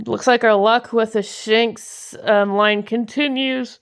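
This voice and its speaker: A woman's voice: fairly high pitch, fairly even intonation, slow, clear, resonant tone. A young woman chatting casually as she opens trading card packs, giggling and gushing over the cards she likes. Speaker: card-collecting video host. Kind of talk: casual pack-opening commentary.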